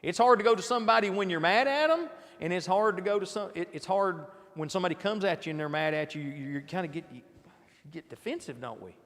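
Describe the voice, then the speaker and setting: A man's voice: sits high, fast, fairly bright tone, in a large hall. A man giving an informal sermon at a midweek church service, talking conversationally and often asking his listeners rhetorical questions. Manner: conversational, asks the audience rhetorical questions, frequent restarts. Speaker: preacher leading a midweek Bible class. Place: church auditorium.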